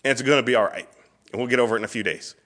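Bright-voiced emotional male preacher. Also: medium pitch, racing. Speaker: pastor teaching a church class. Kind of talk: sermon with scripture reading. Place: church room.

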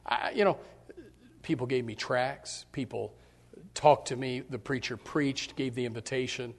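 A middle-aged man preaching a sermon as pastor, fervent and emphatic, his voice surging loud on key points. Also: medium pitch, big-room sound.

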